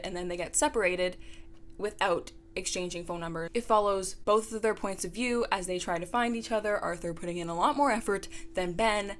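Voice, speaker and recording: A young woman vlogger rants through a book review with exasperated sarcasm, leaning on "like" between her complaints. Her voice is bright and forward. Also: fairly low pitch, slight background noise. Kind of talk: ranting book review vlog.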